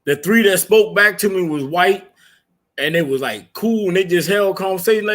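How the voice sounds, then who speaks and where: A man's voice: sits high, fairly quick, fairly bright tone. A man on a casual podcast, telling stories with lots of swearing and laughing as he goes. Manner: storytelling, profane, laughs while telling. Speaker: podcast co-host. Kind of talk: casual chat.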